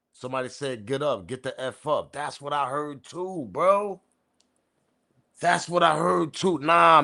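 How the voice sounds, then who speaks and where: A man hosting a commentary channel, talking in a casual, slangy, animated way and repeating his points. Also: a little high, gravelly. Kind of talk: casual commentary on audio clip.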